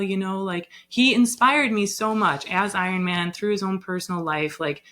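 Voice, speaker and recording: Bright, animated young woman storyteller. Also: mid-range voice, normal speed, hardly any pauses. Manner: animated, lots of "like" and "um". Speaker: guest, yoga teacher. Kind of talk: casual storytelling in a podcast interview.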